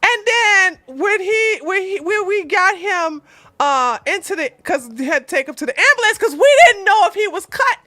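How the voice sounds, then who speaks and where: A middle-aged woman, a channel host, casually telling a story from her days in police work, animated and breaking into laughter and loud outbursts. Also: very high voice, moderate pace, no echo.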